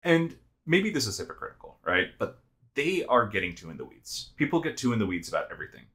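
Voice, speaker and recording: Bright-toned American man, rambling chat. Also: fairly low pitch, big pitch swings, fast. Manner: rambling, frequent "like" and restarts, swears. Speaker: podcast co-host. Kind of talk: casual chat.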